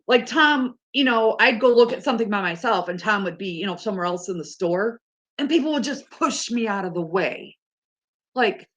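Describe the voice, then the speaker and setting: A woman's voice: on the low side, fairly bright tone. A woman talking frankly and casually, swearing freely and laughing often as she tells stories. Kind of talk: casual chat.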